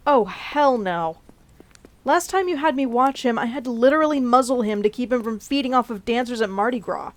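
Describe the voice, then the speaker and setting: A woman's voice: a little high, animated, dry recording, lightly acted. A woman voicing a sarcastic, exasperated young woman in an audio role-play drama. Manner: sarcastic, quick mock-cheerful brush-offs.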